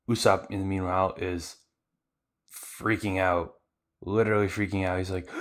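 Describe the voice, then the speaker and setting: A man's voice: low-pitched, moderate pace. A male podcast host giving a casual, chatty anime episode recap with lots of fillers. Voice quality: conversational, filler-heavy, animated retelling.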